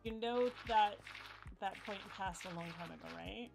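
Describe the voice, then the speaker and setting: A woman's voice: mid-range voice, moderate pace, vocal fry, a little mellow, faint music behind, poor audio. A woman hosting a gaming video, chatting casually and explaining things in a rambling way with many fillers. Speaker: gaming channel host. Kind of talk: casual gameplay chat.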